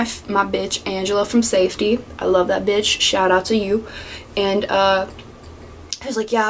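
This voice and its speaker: A young adult woman telling work stories in a casual storytime vlog, animated and swearing freely, sometimes dropping to a whisper for asides. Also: mid-range voice, a little hiss or hum. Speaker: vlogger. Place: home room with a fan.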